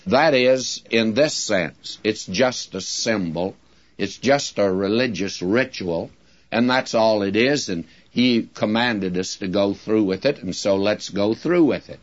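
A man teaching from the Bible in a sermon, deliberately drawing out key words and speaking directly to his listeners. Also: lowish voice. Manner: addresses listeners directly, folksy asides. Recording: dull lo-fi recording.

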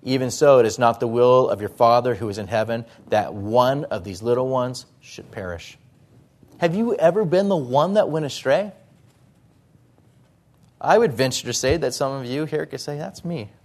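A pastor preaching a sermon in church, talking through scripture in a conversational way with rhetorical questions. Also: male voice, medium pitch, expressive, moderate pace, a little mellow.

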